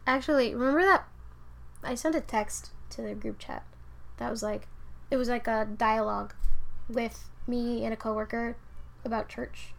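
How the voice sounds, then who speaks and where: A young woman in her twenties co-hosting a casual late-night chat, ranting in a profane, animated way. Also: fairly high pitch, normal speed, gravelly, pauses often. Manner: animated, profane, laughing rants. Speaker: podcast co-host.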